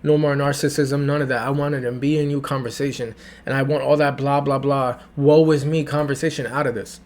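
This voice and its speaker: A man's voice: mid-range voice, little pitch movement, brisk, a little mellow. A man reacting to and breaking down a song in a casual, enthusiastic review, often repeating himself and singing along. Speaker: music reviewer.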